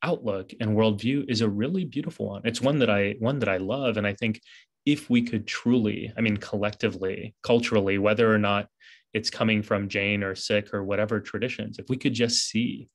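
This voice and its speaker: An earnest man answers questions in a relaxed interview, his voice sitting a little on the low side. He reflects as he goes, circling back and restarting phrases before landing his point. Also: fairly quick. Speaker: author and interview guest. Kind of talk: conversational interview.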